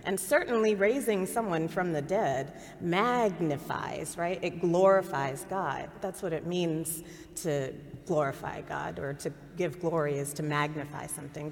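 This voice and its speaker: A woman pastor delivering a sermon, earnest and measured, with dramatic pauses. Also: lowish voice, darkish tone, big-room sound.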